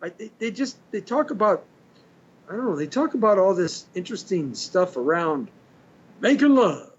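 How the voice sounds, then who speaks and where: A man's voice: high-pitched, lively intonation, moderate pace, breathy edge. A middle-aged or older man hosting a radio show from a studio, chatting in a rambling, joking way. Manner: rambling, chatty, jokey asides. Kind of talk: casual radio monologue. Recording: slightly dull lo-fi stream with faint hiss.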